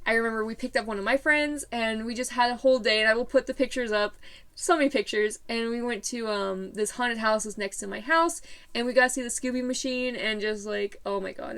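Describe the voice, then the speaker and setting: A woman's voice: a little high, fairly bright tone, clean tone. A teenage girl telling a story in a casual vlog, bubbly and rambling with lots of fillers. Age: late teens.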